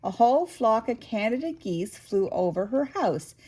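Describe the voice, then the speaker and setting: An older woman reading a picture book aloud to a child, expressive and slow, with chatty asides. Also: a little high, breathy edge. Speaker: storyteller grandmother.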